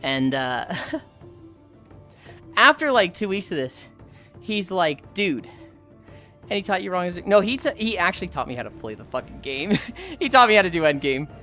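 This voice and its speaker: A low-pitched woman streamer spins a casual story full of swearing. Her pitch rises and falls a lot as she acts out the people in it. Faint music sits in the background. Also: normal speed. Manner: animated, profane, acts out voices.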